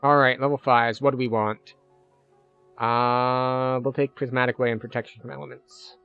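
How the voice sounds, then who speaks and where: A man live-streaming a game, chatting casually and thinking out loud as he plays. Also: mid-range voice, level tone, normal speed, vocal fry, clean tone, phone-quality sound, faint music behind. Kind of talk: live-stream gameplay commentary.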